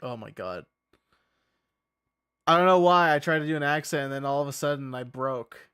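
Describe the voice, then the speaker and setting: A man's voice: mid-range voice, normal speed, pushed and bright, clean tone. A male streamer in casual livestream chat, rambling and profane, often breaking into laughter.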